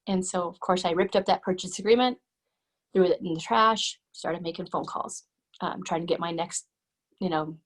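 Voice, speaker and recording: A middle-aged woman giving an energetic, emphatic motivational business talk on a webinar, repeating her key points. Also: fairly low pitch, normal speed. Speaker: guest speaker. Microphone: webinar microphone.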